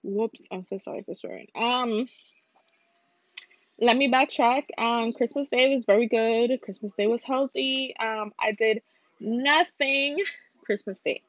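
A woman's voice: fairly high pitch, unhurried, dry recording. A woman from the hosting a podcast in casual solo chat, joking and rambling with apologetic asides. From Caribbean. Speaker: podcast host. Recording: dull lo-fi home recording, dry.

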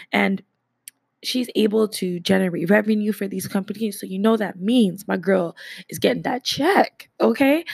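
A woman hosts her podcast alone, rambling warmly through shout-outs with a slight lisp. Her voice carries a bit of vocal fry. The sound is dry and close, with no room around it. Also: medium pitch, no echo. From Canada. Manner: enthusiastic, rambling, many fillers and shout-outs. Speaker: podcast host. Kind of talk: casual solo podcast segment.

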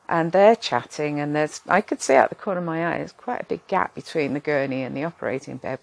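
A woman's voice: deep voice, vocal fry, darkish tone, no echo. An older woman telling a rambling, chatty story about her own day, often poking fun at herself. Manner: chatty, rambling, self-deprecating. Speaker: vlogger. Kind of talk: casual storytelling.

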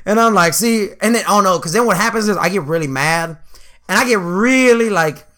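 A young man co-hosting a casual podcast, telling profane stories with plenty of laughs and animated impressions. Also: high voice, brisk. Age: young adult. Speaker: podcast co-host.

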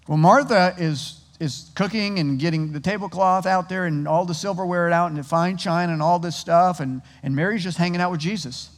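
A male pastor giving a sermon, telling stories in a conversational, animated way with frequent restarts. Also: high voice, fairly quick, hardly any pauses, in a large hall.

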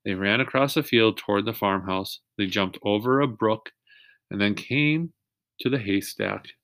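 A man reading a children's chapter book aloud in a steady voice, pausing now and then to ask young listeners questions. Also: lowish voice, no room sound, studio quality. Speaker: reader.

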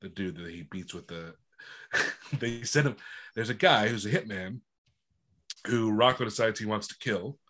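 A man in casual chat as a co-host, laughing often and acting out lines with big jumps in pitch. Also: moderate pace, pauses often, pushed and bright.

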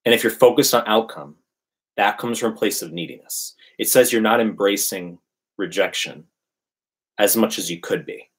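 A man's voice: lowish voice, moderate pace, slightly rough. A man in casual conversation, emphatically preaching his dating advice. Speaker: dating coach. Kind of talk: casual podcast chat.

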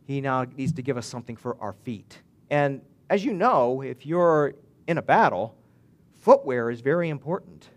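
A man's voice: mid-range voice, animated, normal speed. A male pastor preaching a sermon in an earnest way, building to emphatic swells and often restarting his phrases.

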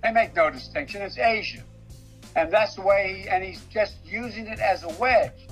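An older male politician giving a campaign speech, halting and restarting often. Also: sits high, fairly bright tone, faint music behind.

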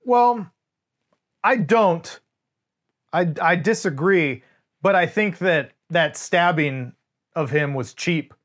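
Podcast guy ranting about a movie, kinda high voice, swears a lot, really into it. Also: slow, long pauses. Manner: emphatic, swears freely, animated storytelling. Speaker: podcast co-host. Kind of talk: casual film review chat.

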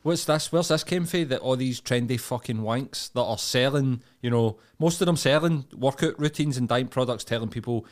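Scottish male co-host, mid pitch, blunt and sweary, casual rant. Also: normal speed, few pauses. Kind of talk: casual chat.

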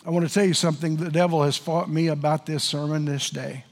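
A man preaching a sermon to a congregation, moving from hushed pleading to shouting. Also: a little high, fairly even intonation, quick pace. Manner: preaching with swings from soft to shouting. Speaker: pastor. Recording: long hall reverb with faint music.

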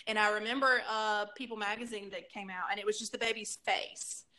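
A woman's voice: medium pitch, steady tone, brisk, bright, forceful tone. A woman co-hosting a casual chat, telling stories loosely with lots of "like" fillers. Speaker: podcast co-host.

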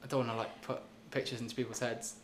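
A man's voice: mid-range voice, flat delivery, fast. A young man with a British accent, a podcast guest who talks in a laid-back, hesitant way. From England. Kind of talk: casual chat. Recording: echoey room with faint noise.

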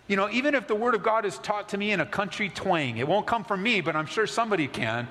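Guy preaching, kinda high voice, talks casual then goes low n quiet, long church echo. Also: lively intonation, fast, few pauses. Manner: conversational preaching, drops low and soft for emphasis. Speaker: pastor. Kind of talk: sermon.

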